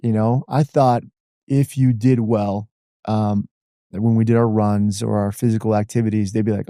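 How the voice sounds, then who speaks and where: A man in his forties from the Washington D.C. area, a podcast guest telling his story in a lively conversational way, peppered with "man" and "like.". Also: fairly low pitch, moderate pace, dry recording, clean studio sound. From Washington D.C. area, USA. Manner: animated, uses "man" and "like" a lot.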